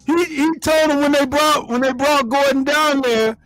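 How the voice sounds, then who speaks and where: A man's voice: very high-pitched, steady tone, moderate pace, a bit bright, soft background music. A man co-hosting a casual film podcast, retelling scenes animatedly with laughs. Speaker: podcast co-host.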